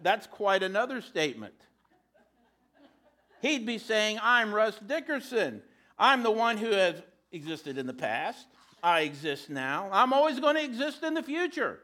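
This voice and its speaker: A male preacher with a high, bright voice delivers a sermon. He keeps it conversational and drops in joking asides. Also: sing-song, measured pace.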